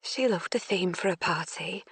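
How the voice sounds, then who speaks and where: A woman voicing a soft-spoken mother with a Yorkshire accent, talking gently about her lost daughter. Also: lowish voice, moderate pace, slightly rough, no room sound. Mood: fond.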